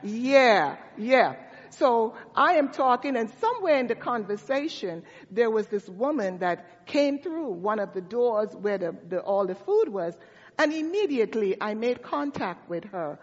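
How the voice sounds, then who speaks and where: In a church sanctuary, a woman pastor with a fairly high, slightly rough voice preaches a sermon, telling a story conversationally and making asides to her congregation. The sound is dull, with long hall reverb.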